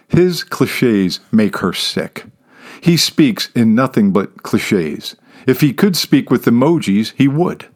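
A man narrating a short story in a measured, even-tempered voice at a middling pitch. He lets his voice sink to a hushed whisper for the darker asides. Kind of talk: scripted narration.

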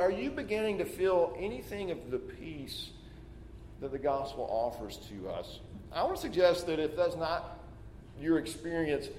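A man's voice: fairly high pitch, darkish tone, slight background noise. A male pastor preaching a sermon in a conversational way, voicing his listeners' doubts aloud and often restarting words. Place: church sanctuary. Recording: echoey hall with long reverb, faint ambience.

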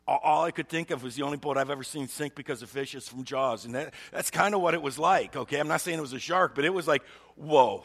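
A man's voice: on the high side, fast talker, hardly any pauses, fairly bright tone, slightly rough. A male pastor giving a sermon in a humorous storytelling way, chuckling often.

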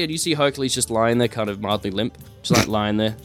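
A man narrating a tabletop game as game master, animated and hesitant. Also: mid-range voice, quick pace, hardly any pauses, faint music behind.

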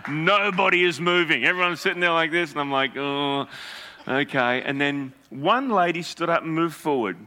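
A male pastor preaching through lively, animated stories. His voice sits a little high and sounds bright and forceful. He slips into the people he quotes as he tells each story. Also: fairly quick, few pauses. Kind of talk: storytelling sermon.

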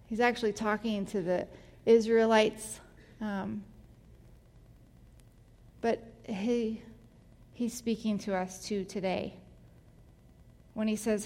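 A woman's voice: medium pitch, steady tone, slow pace, pauses often, a little mellow. A woman giving a personal testimony, telling her story in a candid, emotional way. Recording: long hall reverb.

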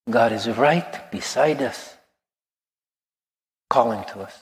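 Gentle priest around sixty, echoing hall. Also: male voice, mid-range voice, takes it slowly, long pauses. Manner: gentle, reflective storytelling. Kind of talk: sermon. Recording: long reverb of a large hall.

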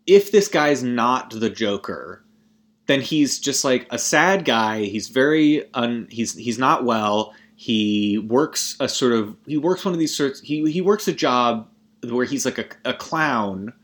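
A young man talking casually about a film in a voice of ordinary pitch. He rambles and swears, constantly breaking off and restarting his sentences. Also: expressive, takes it slowly, a bit bright. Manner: rambling and profane, frequent self-interruptions. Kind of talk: casual movie rant.

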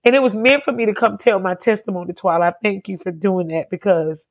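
A woman's voice: medium pitch, fairly quick. A woman giving an emotional personal testimony as an interview guest, talking earnestly and repeating herself as she tells her story.

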